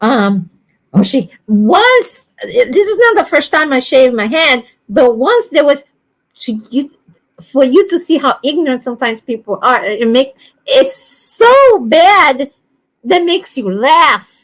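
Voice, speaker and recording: On a livestream, a high-voiced woman chats casually at a slow pace. She tells lively stories, acts out snippets of dialogue, and laughs a lot.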